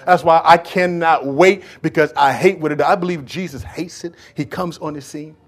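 A pastor preaching a sermon, swinging from hushed lines to loud bursts and acting out scenes from scripture. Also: male voice, fairly high pitch, fairly even intonation, moderate pace. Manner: acts out dialogue with Bible figures.

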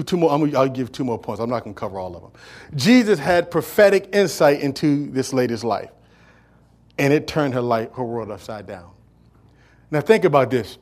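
Preaching pastor, higher voice. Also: male voice. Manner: preaching with call-outs to the congregation, swinging between soft and loud. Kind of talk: sermon.

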